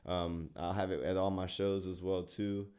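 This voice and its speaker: A young man from San Antonio with a deep voice, a musician guest talking earnestly and reflectively, with many fillers. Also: level tone, normal speed, a little mellow. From San Antonio, Texas. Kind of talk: casual interview chat.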